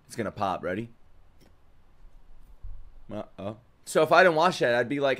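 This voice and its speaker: A young man hosting a casual anime reaction video, excitable and laughing often, with plenty of swearing and exclamations. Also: a little high, moderate pace, long pauses. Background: faint anime soundtrack playing.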